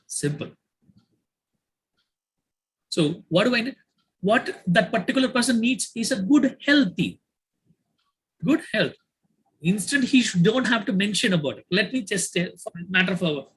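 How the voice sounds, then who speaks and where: A man's voice: high-pitched, a bit bright, low-quality recording. A man teaching an online yoga class who repeats his key phrases, uses many fillers and calls on his students by name.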